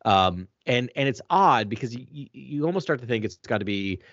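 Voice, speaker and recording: A man's voice: medium pitch, animated, normal speed, a bit bright, no echo. A man co-hosts a casual fan chat in a mid-range voice, now and then sliding into a newscaster-like delivery. The recording is dry and close, and the sound is dull and lo-fi. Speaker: podcast co-host.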